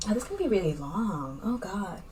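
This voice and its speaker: A woman's voice: mid-range voice, very animated, normal speed, mellow, a little hiss or hum. A young woman chatting casually in a makeup vlog, rambling and candid, with lots of fillers as she talks. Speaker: vlogger.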